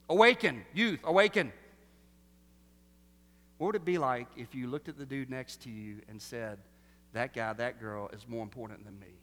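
A man preaching a sermon, animated and full of rhetorical questions, swinging between loud bursts and hushed lines. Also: mid-range voice, a little hiss or hum. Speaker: pastor. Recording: long reverb of a large hall.

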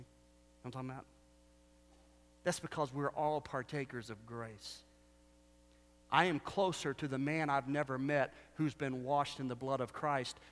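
A man's voice: a little high, a bit bright. A middle-aged male pastor preaching a sermon in a conversational way, often asking the congregation rhetorical questions. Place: church sanctuary. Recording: long hall reverb.

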